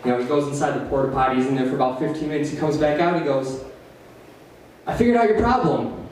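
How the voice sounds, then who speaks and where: A man's voice: mid-range voice, flat delivery, racing, darkish tone. A man with an Upper Midwest American accent doing stand-up at an open mic in a small cafe, rambling through long jokes with nervous laughs. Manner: rambling, self-deprecating joke telling with nervous laughs. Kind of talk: stand-up comedy. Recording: very echoey room, distant mic, faint hiss.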